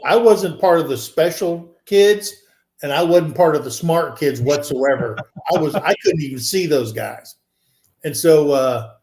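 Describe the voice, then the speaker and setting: An older man in his sixties with a slightly high voice spins a casual, rambling story full of fillers and restarts. He acts out the people he quotes by lifting his voice, and the recording carries a noticeable echo of the room. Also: darkish tone. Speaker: podcast co-host. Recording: echoey room.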